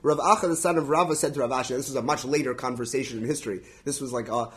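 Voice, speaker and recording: A man teaching a Talmud class in an animated way, laughing often and translating Hebrew and Aramaic phrases as he goes. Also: mid-range voice, racing.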